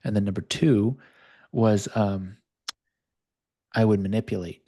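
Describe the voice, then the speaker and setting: A man with a fairly low, mellow voice leads a live coaching session over a video call. He speaks calmly and reflectively, sharing his own experience to guide a participant. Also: measured pace, slightly rough. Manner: calm, reflective, speaks of own past openly.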